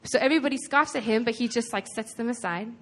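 A woman's voice: fairly high pitch, fast, fairly bright tone. A woman preaching a sermon in an earnest, conversational way, retelling a scripture story with lots of casual "like"s.

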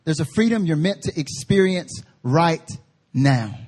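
Husky high-voiced male preacher. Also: lively intonation, a little mellow. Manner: preaching with emphatic slow stresses and playful asides. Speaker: pastor. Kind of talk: sermon. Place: church service.

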